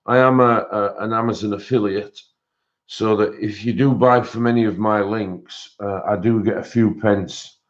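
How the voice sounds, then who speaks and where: A man hosting a colouring live stream in casual, rambling chat, greeting viewers by name. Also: on the low side. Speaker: colouring channel host. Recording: dull lo-fi stream audio.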